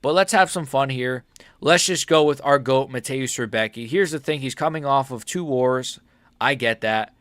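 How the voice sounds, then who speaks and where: An MMA prediction channel host, a man with an ordinary middle-pitched voice, talks through his fight picks at a moderate pace in a loose vlog style. He's excitable and jokey, swears a lot, and catches and corrects himself mid-thought. The sound is dry and close, with no room echo.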